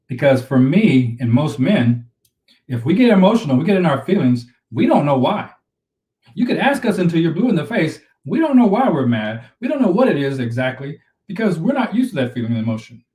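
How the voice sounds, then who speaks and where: A man's voice: fairly high pitch, very animated, a little fast, a little mellow, far from the mic. Man, relationship coach on a live stream, earnest and repetitive, recorded a little off-mic in a roomy space. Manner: earnest, repeats himself, advice-giving.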